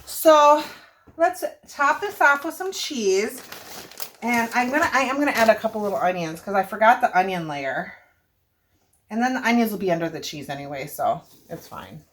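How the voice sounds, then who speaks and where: A woman's voice: mid-range voice, animated, moderate pace, a bit bright. Older lady cooking and chatting to camera, voice bounces up and down a lot, rambly. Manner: chatty, rambling, frequent self-corrections and laughs. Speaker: homestead cooking vlogger. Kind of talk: casual cook-along chat to camera. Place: home kitchen.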